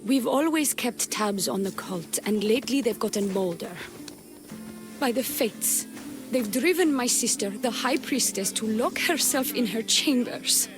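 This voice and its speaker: Sultry flirty priestess, slow teasing talk, game music behind. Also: female voice, on the high side, lively intonation. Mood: earnest. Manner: sultry, teasing, slips into breathy whispers. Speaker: game character. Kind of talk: video game voice acting.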